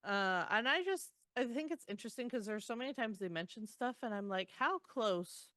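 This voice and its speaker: A woman's voice: a little high, animated, brisk, fairly bright tone, no echo. A woman co-hosting a podcast, chatting casually about a novel, laughing often and filling with ums as she recaps. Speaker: podcast co-host. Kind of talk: casual book discussion.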